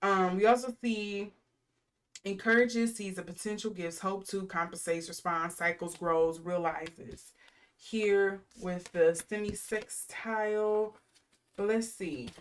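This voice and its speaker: A woman in her thirties talks through a casual tarot reading in a relaxed, meandering way. She leans on fillers and restarts. She rattles off strings of card keywords at an everyday, middle pitch. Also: slow pace. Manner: rambling, lots of fillers, reels off card keywords. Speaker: tarot reader.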